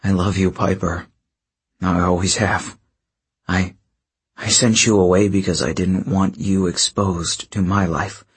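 A man reading as a shaken father in an audiobook, speaking low and hushed with a tremble. His voice drops below the narration and is rather husky. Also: fairly even intonation, measured pace, exaggerated voice. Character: frail shaken middle-aged father.

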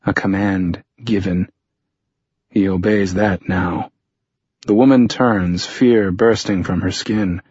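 A man narrating a thriller audiobook in a measured, tense storytelling manner. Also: fairly low pitch, breathy edge, no echo. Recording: dull lo-fi audio.

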